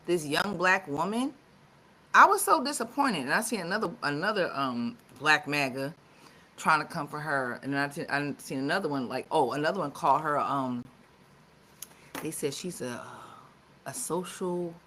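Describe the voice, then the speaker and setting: A woman's voice: low-pitched, a bit bright, slight background noise. A woman co-hosting a live talk show, chatting casually with lots of fillers and restarts. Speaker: co-host.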